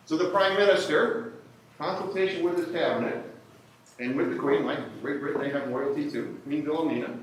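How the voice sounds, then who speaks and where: Animated male speaker, higher-pitched, lecturing a live audience and quizzing them; very echoey room, distant mic. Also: fairly quick. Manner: animated, asks the audience questions. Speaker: history speaker at a workshop. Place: indoor event room with audience. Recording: echoey room from far off, faint noise.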